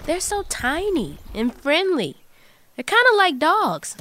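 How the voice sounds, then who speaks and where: Woman, high pitch, lively intonation, curious questions, casual farm chat. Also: takes it slowly, background noise. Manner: curious, asks lots of questions. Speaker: podcast co-host. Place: outdoors on a farm.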